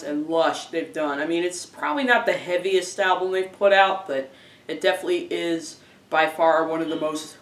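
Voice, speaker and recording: A man giving a casual spoken album review, halting often with fillers and restarting his phrases. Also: a little high, a bit bright. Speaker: music reviewer. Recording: roomy, distant from the mic.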